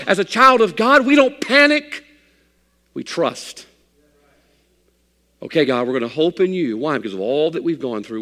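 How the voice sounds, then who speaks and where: A man preaches a sermon in a fairly high voice. He rises to loud, emphatic lines and then sinks into hushed, near-whispered passages. His voice carries a long reverb from the church sanctuary. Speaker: pastor.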